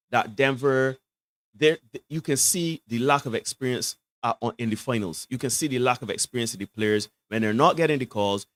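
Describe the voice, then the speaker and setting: A man breaks down a basketball game on a sports talk show, and he keeps asking "right?" as he goes. His voice sits mid-range, and he swings from low asides to loud, preachy bursts. The recording is dry and close, with no room sound. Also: dry recording. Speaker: basketball analyst guest.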